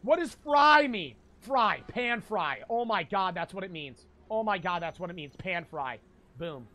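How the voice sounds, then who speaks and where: A young man with a high, bright voice narrates his gameplay live to chat. He swears constantly and panics out loud, jumping from muttering to yelling, with faint game sizzling behind him on a home desk mic. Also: animated, unhurried, a little hiss or hum. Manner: frantic, profane, talks to chat. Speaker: streamer. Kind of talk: gaming livestream commentary.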